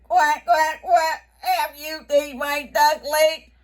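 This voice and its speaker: A woman voicing a worried mother duck in a children's picture book, calling loudly for her lost duckling and quacking. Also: flat delivery, slow pace. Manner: loud high quacking calls.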